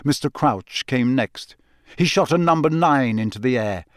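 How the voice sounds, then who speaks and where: A man narrating a fantasy novel as an audiobook in a measured, expressive storytelling manner, on a close studio mic. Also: medium pitch, no echo. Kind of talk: scripted narration.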